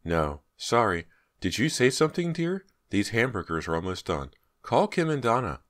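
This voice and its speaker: A man's voice: on the low side, big pitch swings, normal speed, fairly bright tone, dry recording, clean studio sound, pitched above the performer's own voice. A man voicing a distracted, cheerful middle-aged mother in an audiobook, speaking breezily and brushing things off. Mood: breezy.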